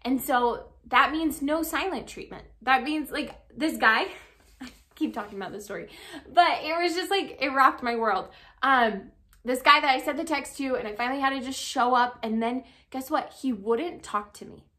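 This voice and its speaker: Young woman coach giving dating advice, bright higher voice, lots of likes and ums. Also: normal speed. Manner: chatty, frequent "like" and "um", animated storytelling. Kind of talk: casual advice talk to camera.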